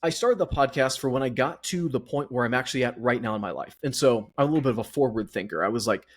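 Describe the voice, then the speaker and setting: A man's voice: mid-range voice, fast, slightly rough. A man hosting his own podcast, out of breath and chatty, rambling along in a self-deprecating way. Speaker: podcast host. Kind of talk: casual solo podcast monologue.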